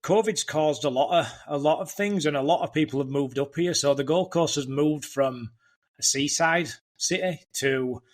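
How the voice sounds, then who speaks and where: A man with a Yorkshire accent, a podcast guest chatting in a relaxed way and often restarting his sentences. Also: on the high side, normal speed. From England. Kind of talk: casual chat. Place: Gold Coast, Queensland.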